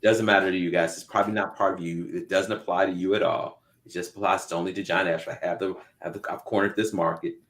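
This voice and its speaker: A man co-hosting a casual talk show, telling lively stories and acting out the voices in them. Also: low voice, fast, few pauses. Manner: lively storyteller who acts out voices in his anecdotes. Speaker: podcast co-host. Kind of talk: casual chat, animated storytelling.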